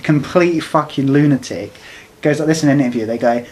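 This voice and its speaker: A man's voice: fairly high pitch, a little fast, darkish tone, breathy edge. A man ranting heatedly and swearing as he co-hosts a wrestling chat. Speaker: wrestling podcast co-host.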